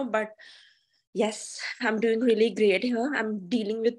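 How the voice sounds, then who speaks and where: A woman, tearful and halting, speaking emotionally on a video call. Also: a little high, fairly even intonation, rough recording. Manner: emotional, halting, repeats words. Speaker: student.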